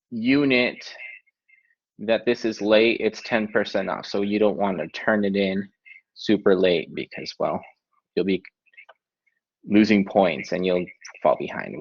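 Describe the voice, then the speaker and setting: A man teaching a Spanish class online, explaining tasks in a relaxed way with many filler ums. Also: lowish voice, measured pace, long pauses. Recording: dull lo-fi online lesson audio.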